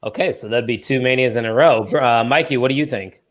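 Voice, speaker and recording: A man's voice: mid-range voice, brisk. A man hosting a podcast, leading a casual, joking chat. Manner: joking, leads the discussion. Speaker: podcast host.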